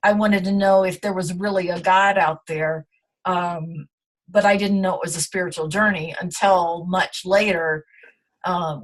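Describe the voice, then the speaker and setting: A middle-aged woman, a guest in an interview, telling her story in an earnest, reflective way with many fillers. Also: lowish voice.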